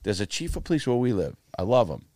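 A man's voice: medium pitch, fast talker, no echo. A middle-aged American man telling his life story in casual chat, blunt and profane, acting out the people in his stories. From United States. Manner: profane, blunt storytelling with lively quoted voices.

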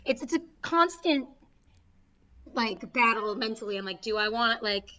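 Woman w a bright kinda high voice, chatty sarcastic sports journalist, laughs a lot. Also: normal speed. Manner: animated, laughs often, sarcastic asides. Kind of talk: casual panel chat.

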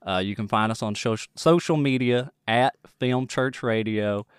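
A man's voice: medium pitch, measured pace, clear, resonant tone, no room sound, studio quality. A man from East Texas hosting a podcast in a folksy East Texas accent, with casual chat. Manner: folksy, plays up a Texas drawl. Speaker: podcast host.

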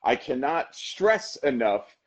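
A man in his thirties, co-hosting a casual podcast, telling an animated story with playful voices for the characters. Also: mid-range voice, takes it slowly, husky, poor audio. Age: 30s. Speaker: podcast co-host. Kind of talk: casual chat.

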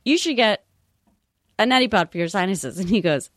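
A woman's voice: mid-range voice, moderate pace, dry recording. A woman guest chatting on a comedy podcast, telling stories with lots of laughter. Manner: animated, laughing storyteller. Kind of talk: casual podcast chat.

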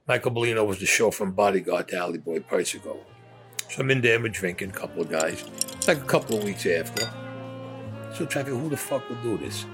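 A man telling a blunt, profane story as an interviewee, acting out the dialogue as he goes. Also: fairly low pitch. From New York. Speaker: former mobster interviewee.

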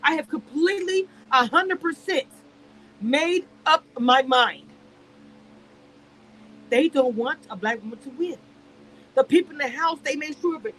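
On a poorly recorded live stream, a woman with a high, fairly bright voice reviews a reality show. Her casual commentary turns into a rant that is heated, exasperated, emphatic, and repetitive.

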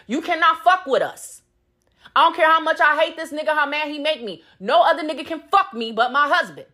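Casting note: young woman, high and bright voice, blunt profane storytime rant. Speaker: podcast host.

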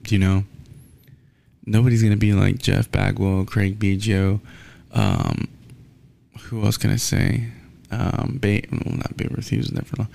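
Gravelly, low-voiced man ranting bluntly. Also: a little mellow. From Houston. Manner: blunt, angry, swears a lot. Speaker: sports fan ranting. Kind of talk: casual profane rant.

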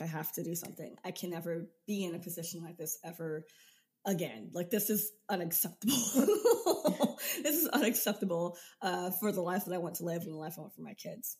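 A young woman in her twenties, a podcast guest and business coach, telling her own story in a lively way and laughing often. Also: fairly low pitch, brisk. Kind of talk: casual storytelling interview.

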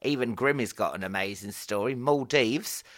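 A man hosting a podcast, telling anecdotes in casual chat with quick laughs. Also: mid-range voice, fairly bright tone. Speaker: podcast host.

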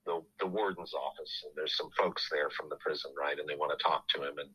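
Deep, bright-voiced man telling a story. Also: fairly even intonation, husky, rough recording. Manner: halting, full of restarts and you-knows. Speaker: podcast host telling his family story. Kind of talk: casual storytelling.

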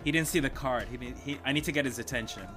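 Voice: mid-range voice, rapid-fire, music in the background. A co-host in a casual reaction chat, animatedly describing what happens on screen, breaking into little acted asides. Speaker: co-host reacting to a music video.

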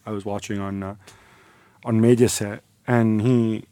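A man giving lively, joking football analysis in a casual podcast chat, full of quick asides. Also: on the low side, clean tone, no echo, clean studio sound. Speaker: football pundit.

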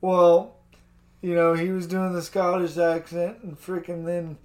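A man's voice: sits high, completely flat delivery, normal speed, a little mellow. A man chatting casually about wrestling, laid-back and rambling, often calling his partner dude. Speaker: co-host.

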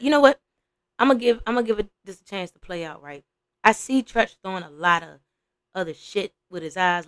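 A young adult woman hosting a podcast, giving blunt, profane, animated reaction commentary. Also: medium pitch, clear, resonant tone, no room sound, clean studio sound. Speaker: podcast host.

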